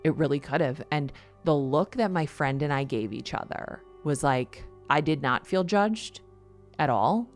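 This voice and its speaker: Middle-aged female host with a deep voice; candid, heartfelt monologue that trips over itself. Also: animated, soft background music. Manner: earnest and confessional, with rushed restarts. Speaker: podcast host. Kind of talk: personal storytelling monologue.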